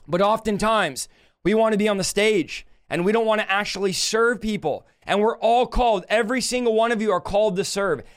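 A man preaching a livestreamed sermon, emphatic and impassioned, slowing down to draw out scripture quotes and rising sharply when he rebukes. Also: sits high, clean tone. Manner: slows to drawn-out delivery when quoting scripture.

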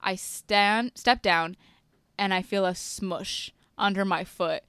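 Woman co-host, animated storyteller, bright and crisp. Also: medium pitch, slow, no echo, studio quality. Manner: animated storyteller, laughs often. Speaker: podcast co-host. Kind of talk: casual storytelling chat. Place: boat.

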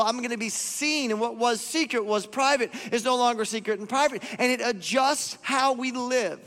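A male pastor delivers a sermon in a markedly high voice, talking straight to his listeners as if chatting with them. His words ring out in a large church auditorium with a long, lingering reverb. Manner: animated, acts out quoted voices; conversational, addresses the congregation directly.

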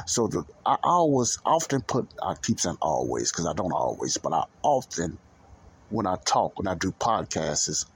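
A man's voice: sits low, slightly rough. A man hosting a Christian podcast, preaching in a casual, rambling way and often repeating himself. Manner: rambling, repeats himself, loses his thread. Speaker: podcast host.

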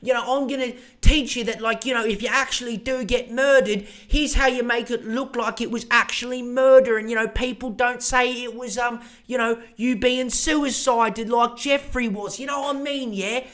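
A brash, shameless Cockney socialite woman in her middle years, as a man puts her on, pitched well above his own voice. She rambles crudely and ends her lines with tags like "bruv" and "innit". The tone is loud and bright. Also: steady tone, moderate pace, hardly any pauses. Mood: brash, defensive. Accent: put-on Cockney.

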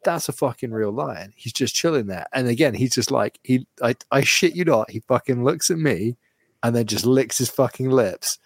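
A man co-hosting a podcast in casual chat, swearing freely and telling animated anecdotes. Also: medium pitch, normal speed, breathy edge, no room sound, studio quality. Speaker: podcast co-host.

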